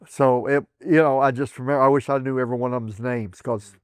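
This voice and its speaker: An older man from southern Indiana recounts his time as a veteran for an oral history project. He rambles, restarts his sentences and chuckles as he goes, and sometimes jumps up in pitch to act out the people in his stories. His voice sits at a middle pitch and is recorded dry and close. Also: steady tone, fast talker, smooth, no echo. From southern Indiana, USA. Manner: acts out quoted voices with raised pitch. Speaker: veteran interviewee.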